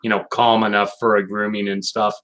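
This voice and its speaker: A man's voice: on the low side, flat delivery, fairly quick, pitched below the performer's own voice, lightly acted. A man doing a timid apologetic cartoon pony girl. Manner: hesitant, stammering, soft-spoken.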